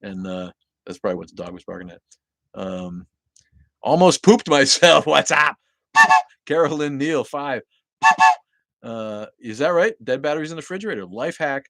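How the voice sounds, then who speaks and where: A man hosting a casual livestream from home, greeting viewers loudly, coughing often and swearing casually. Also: mid-range voice, lively intonation, moderate pace, long pauses, no echo. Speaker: livestream host. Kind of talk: casual livestream chat reading viewer comments. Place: at home with a dog nearby.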